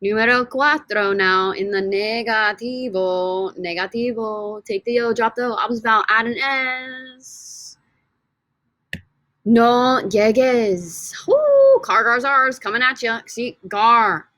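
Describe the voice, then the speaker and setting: A woman teaches a casual grammar lesson in a bright, forceful voice. She is energetic and playful and draws out words she repeats. The sound is dry and close. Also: on the high side, dry recording. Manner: energetic and playful, drawn-out repetitions. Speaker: Spanish teacher.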